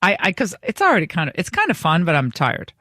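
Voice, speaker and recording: A woman's voice: lowish voice, wildly swooping pitch, fast talker, a bit bright, dry recording, studio quality. A middle-aged woman hosting a radio talk show, telling a story in a chatty way with many restarts. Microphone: studio microphone.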